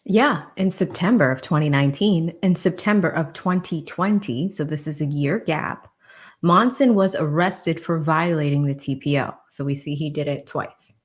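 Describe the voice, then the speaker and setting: A woman co-hosts a casual legal discussion on a livestream. She reads the case dates and facts in a calm, plain way, with a voice that sits very low for a woman. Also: moderate pace. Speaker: co-host.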